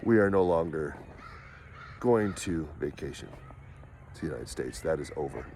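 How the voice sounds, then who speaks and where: A man impersonating a pompous, droning middle-aged male politician who makes slow, solemn, self-important pronouncements while he walks outdoors. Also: rumbling low, expressive, a little mellow, slight background noise, pitched below the performer's own voice. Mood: smug solemn. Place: outdoors in woods, walking.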